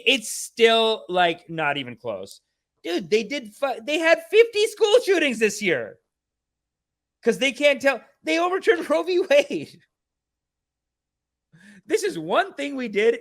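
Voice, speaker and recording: Comedian host from canada, swoopy expressive voice, sweary laughing rant on stream. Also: male voice, high voice. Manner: animated, profane, laughing rant. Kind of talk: livestream reaction commentary.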